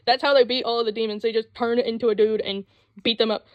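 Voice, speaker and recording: A young woman rambling excitedly about anime in a casual vlog, full of fillers and sudden jumps in voice. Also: fairly high pitch, no room sound. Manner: rambling, excitable, with frequent fillers and quick voice switches. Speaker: anime vlogger. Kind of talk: casual chat. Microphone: phone mic.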